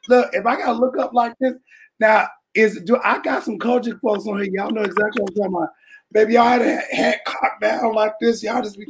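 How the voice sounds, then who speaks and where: A man giving an impassioned, preaching-style talk, colloquial and animated, often shouting for emphasis to his listeners. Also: sits high, brisk. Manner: colloquial, calls listeners "baby" and "y'all". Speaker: speaker addressing a church audience.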